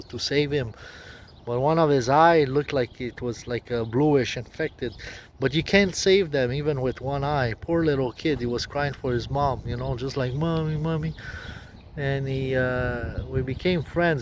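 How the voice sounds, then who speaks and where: Rambling man outdoors by traffic. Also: mid-range voice. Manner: rambling, halting, many fillers and restarts. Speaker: vlogger. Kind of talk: rambling spoken monologue. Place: camping outdoors by a tent. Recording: noisy outdoor recording with passing traffic. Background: outdoor ambience and vehicles.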